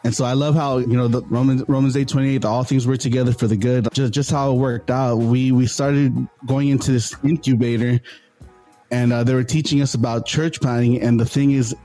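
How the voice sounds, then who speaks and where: A man's voice: medium pitch, fairly even intonation, fairly quick, dark tone, faint music behind. A man co-hosting a podcast, talking earnestly about faith in casual chat, often repeating and restarting his words.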